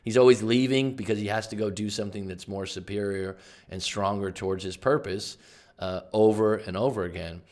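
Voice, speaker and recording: A man with a fairly low voice gives casual, emphatic commentary as a life coach. He talks conversationally, now and then jumping into loud bursts to drive a point home. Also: steady tone, fairly quick. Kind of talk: casual explanatory book commentary.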